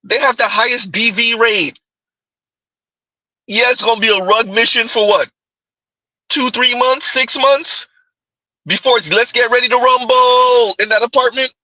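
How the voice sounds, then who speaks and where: Male host, bright, sharp tone, mocking commentary style. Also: very high voice, a little slow, pauses often, no echo, poor audio. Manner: mocking, keeps asking "Huh?". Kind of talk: reaction commentary.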